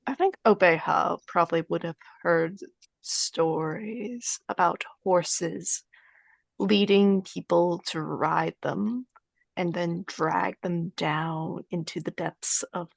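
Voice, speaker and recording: A woman's voice: on the low side, gravelly, dry recording. A woman playing in a tabletop game, thinking aloud about her character. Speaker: player. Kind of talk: tabletop role-play chat.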